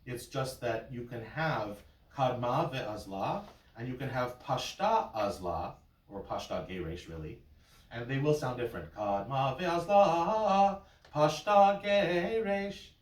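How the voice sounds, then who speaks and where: A man's voice: medium pitch, lively intonation, normal speed. A man working as a cantor, teaching a small class with playful memory tricks and short sung examples. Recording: roomy and from far off.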